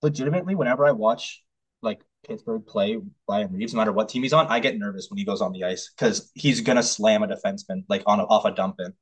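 A man co-hosting a hockey podcast in quick, chatty casual talk. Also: fairly low pitch, husky. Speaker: podcast co-host. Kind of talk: casual sports chat.

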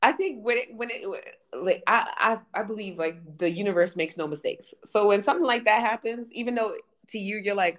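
A woman guest on a podcast, talking in an animated, conversational way. Her pitch sits in a mid range for a woman and jumps up often as she explains her points. The chat is relaxed and informal. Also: normal speed. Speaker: podcast guest, project manager. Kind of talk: casual chat.

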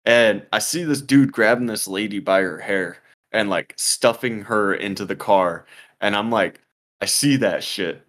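A man's voice: on the low side, unhurried, fairly bright tone. A young man co-hosting a podcast, telling a story in casual, profane, rambling chat full of "like" and "dude". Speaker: podcast co-host.

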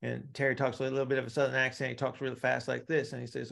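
A man's voice: medium pitch, little pitch movement, very fast, gravelly, hardly any pauses, fairly bright tone. A man teaching a live class, explaining with analogies and often checking in with "right?". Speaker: instructor.

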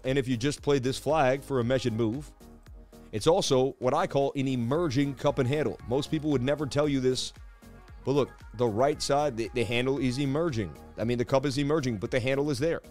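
A man's voice: medium pitch, fairly quick, a little mellow, soft background music. A man hosting a live crypto market stream, hyped and preachy as he walks through the charts, often calling people "baby.". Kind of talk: live market analysis chat.

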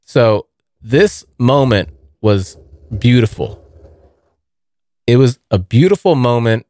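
A man's voice: lowish voice, a little mellow, no echo, clean studio sound. A young man hosting his own podcast, telling a long story in a rambling, casual way, swearing often and calling listeners dude. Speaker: podcast host.

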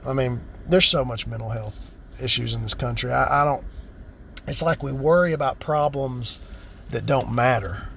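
A man's voice: mid-range voice, normal speed, gravelly, fairly bright tone, a little hiss or hum. A man giving a blunt, profane, exasperated rant in a casual vlog.

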